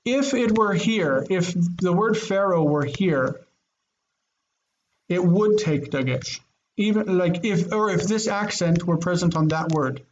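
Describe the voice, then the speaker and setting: A man's voice: sits high, animated, slow, lo-fi sound. A man teaching a Biblical Hebrew grammar lesson online, explaining with eager enthusiasm and thinking aloud. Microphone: video call.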